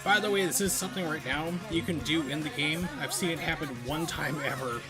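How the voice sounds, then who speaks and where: A man streaming a retro game, chatting casually in a rambling, filler-heavy way and quick to break into a rant. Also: fairly high pitch. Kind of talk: casual live-stream chat while gaming. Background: game music.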